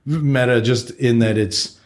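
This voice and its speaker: A man's voice: mid-range voice, slow. A man co-hosting a podcast in easy casual chat, laid-back with many fillers. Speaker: podcast co-host.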